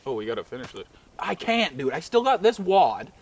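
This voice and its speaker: A man's voice: on the high side, sing-song, a little fast, slight background noise. A man, a friend of the host, chatting easily and joking outdoors on a frozen lake in winter while eating. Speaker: friend and guest. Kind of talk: casual chat while eating.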